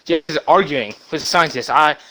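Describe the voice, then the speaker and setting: Breathless excitable young man telling a story. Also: a little fast, slight background noise, low-quality recording. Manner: excited, breathless storytelling with shifting pitch and sudden loud bursts. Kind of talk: rambling comedic movie-plot retelling.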